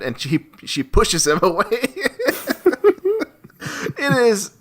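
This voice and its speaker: A man's voice: high-pitched, slow. A man co-hosting a casual film podcast, telling stories with lots of laughter. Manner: animated, laughing storyteller. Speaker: podcast co-host.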